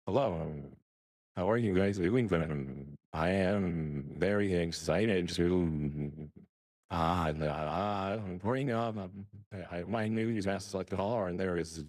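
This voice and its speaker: A man doing a voice-changer impression of a rambling male tech billionaire, halting and full of ums. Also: darkish tone, exaggerated voice. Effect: voice changer, deep pitch.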